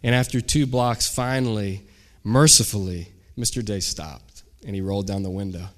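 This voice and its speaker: A man's voice: on the low side, moderate pace. A man, a pastor, telling a story during a sermon and acting out the people in it. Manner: animated storyteller, acts out shouted quotes.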